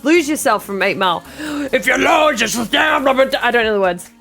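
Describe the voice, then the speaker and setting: A woman's voice: on the high side, lively intonation, normal speed, vocal fry, fairly bright tone, husky, faint music behind. A woman streamer joking and chatting casually with her viewers. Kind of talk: casual live-stream chat.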